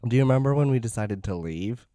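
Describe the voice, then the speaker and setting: A man hosting a podcast, chatting casually in a crude, joking, loud way. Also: medium pitch, expressive, fast talker. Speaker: podcast host. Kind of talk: casual chat.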